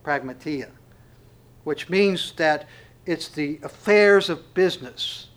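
A man preaching a sermon in an earnest way, slowing to stress key words, swelling to emphatic calls and falling to a hush. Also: on the high side. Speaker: pastor.

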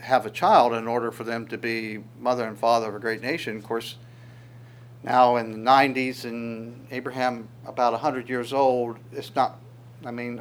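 A man preaching with a slightly higher voice than most men. He swings between loud, rising lines and soft, low asides, acting out what he quotes. He often repeats words as he works through his point and chuckles now and then. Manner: animated, repeats words, acts out quotes in varied voice. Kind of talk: sermon.

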